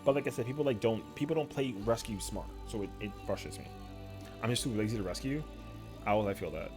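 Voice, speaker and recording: A man's voice: fairly low pitch, expressive, quick pace, music in the background. A man streaming a game, talking in casual chat with heated, profane slang peppered with "yo". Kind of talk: casual chat while gaming.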